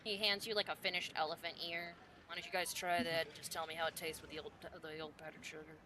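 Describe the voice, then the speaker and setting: A woman's voice: sits low, level tone, fast, background noise, close to an everyday voice. A woman voicing a burly half-orc baker father who frets and explains about his sugar. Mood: worried. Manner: fretful, explaining.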